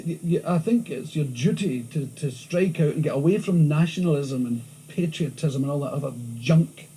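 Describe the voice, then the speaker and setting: This Scottish comedian, interviewed in a candid chat, has a thick Glasgow accent and a voice that sits a little high. He spins animated stories full of restarts, captured in poor audio on an old VHS tape with a faint hiss.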